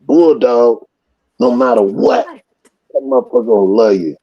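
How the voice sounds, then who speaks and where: Gravelly man, profane storyteller. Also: medium pitch, lively intonation, normal speed, lo-fi sound. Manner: profane, rambling storyteller who acts out scenes loudly. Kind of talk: casual storytelling.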